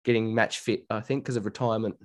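An Australian man co-hosting a casual podcast chat, telling stories in a chatty, animated way. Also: lowish voice, quick pace. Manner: chatty, animated storytelling with quoted voices. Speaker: podcast co-host.

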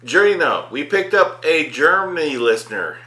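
A man hosting a horror podcast in casual chat, excitable, profane and jokey. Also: a little high, moderate pace. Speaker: podcast host. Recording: roomy echo with faint noise.

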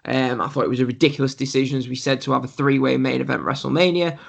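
A man's voice: medium pitch, steady tone, quick pace, vocal fry, husky. Blunt, opinionated man chatting. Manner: blunt, opinionated, keeps asking "do you know what I mean". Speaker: podcast co-host. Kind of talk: casual chat.

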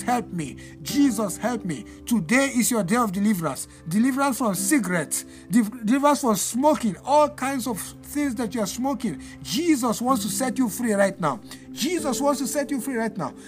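A male pastor delivering a fervent deliverance sermon, repeating phrases in a sing-song preaching cadence. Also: very high-pitched.

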